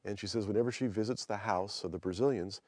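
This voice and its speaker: A middle-aged man hosting a language-lesson podcast, explaining in a relaxed, chatty way. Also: fairly low pitch, fast, slightly rough, no room sound. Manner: relaxed, chatty, prone to restarts. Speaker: podcast host and language teacher. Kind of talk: explanatory teaching chat.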